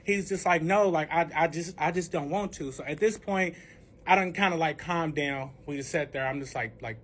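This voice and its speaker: A young man with a high-pitched voice rambles through a personal story at normal speed, swearing constantly and leaning heavily on "like" as a filler. He drops into hushed recounting, then flares into heated outbursts, with slight background noise behind him.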